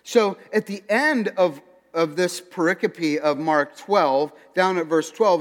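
A man's voice: sits high, takes it slowly. A man preaching a sermon to his congregation, conversational and direct, with asides to people in the pews. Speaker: pastor. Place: church sanctuary. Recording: long hall reverb.

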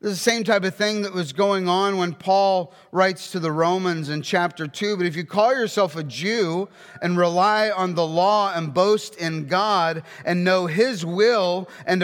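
A man preaching a sermon, emphatic, with rhetorical questions and slowing down to read scripture. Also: high voice, fairly bright tone, long reverb tail.

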